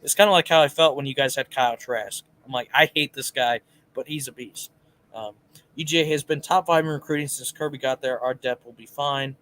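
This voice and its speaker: A man's voice: mid-range voice, brisk, fairly bright tone, a little hiss or hum. A man co-hosting a casual live sports talk show, reading viewer comments and giving his picks in a chatty way. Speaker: podcast co-host.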